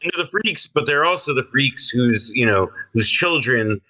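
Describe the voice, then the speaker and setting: A man's voice: medium pitch, animated, moderate pace, crowd noise. A male guest in a casual reaction stream, talking in a hesitant, filler-heavy and sardonic way over a distant video-call mic. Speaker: guest commentator.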